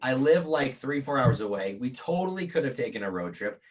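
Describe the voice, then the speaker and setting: A man's voice: medium pitch, very animated, brisk. A man co-hosting a live morning stream, joking and teasing with mock indignation. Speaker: co-host of a live morning show. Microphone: live video stream.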